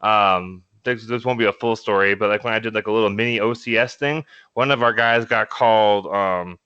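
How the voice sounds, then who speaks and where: This young man co-hosts a podcast, swapping casual stories full of laughter, fillers, and restarts. His voice is on the low side, smooth with a sharp tone, and he speaks briskly; the recording has no echo but the highs are cut off.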